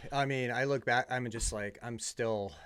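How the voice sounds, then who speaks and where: A man's voice: medium pitch, steady tone, moderate pace, fairly bright tone, clear, resonant tone. A man telling his personal story as a podcast guest, earnest and heartfelt, with many fillers. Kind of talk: personal testimony in conversation.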